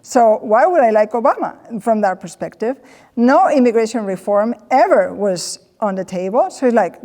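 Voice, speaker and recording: A woman with a fairly high voice tells funny personal stories to an audience. She is animated and slips into the voices of the people she quotes. Her words ring with the long reverb of a hall. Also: normal speed. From Spain. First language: Spanish. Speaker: presenter. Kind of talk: comedic personal storytelling talk.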